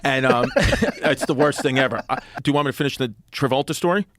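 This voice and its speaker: A man in his thirties from New York, a comedian guest on a podcast telling a story in casual chat, acting out the quoted lines in a lowered voice. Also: fast, a bit bright, no echo, clean studio sound. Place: podcast studio.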